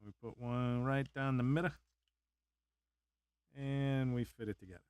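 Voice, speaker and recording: A man's voice: mid-range voice, steady tone, measured pace, a little mellow, smooth, no room sound, studio quality. A young man on a casual live stream, chatting in a laid-back way, chuckling often and muttering to himself as he builds a model.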